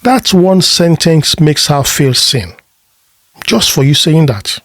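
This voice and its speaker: Slow, emphatic male advice coach. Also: fairly high pitch, lively intonation, fairly bright tone, dry recording, clean studio sound. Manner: deliberate, emphatic short phrases with rhetorical questions; repeats words when he restarts a thought. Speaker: relationship coach. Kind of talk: motivational advice talk.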